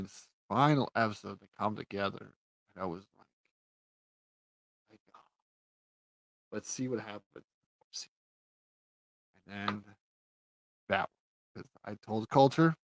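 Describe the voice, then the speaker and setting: Gravelly, tipsy man ranting. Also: on the low side, a bit bright, no room sound, rough recording. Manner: profane, sarcastic ranting. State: a little tipsy. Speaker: TV show reviewer. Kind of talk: casual ranting review.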